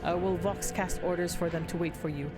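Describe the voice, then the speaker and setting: A woman voicing a gruff, loyal male sergeant in a put-on Southern accent, earnest and deferential, over game music. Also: lowish voice, fairly even intonation, fairly quick, close to an everyday voice. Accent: put-on American Southern. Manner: earnest, deferential, plain-spoken.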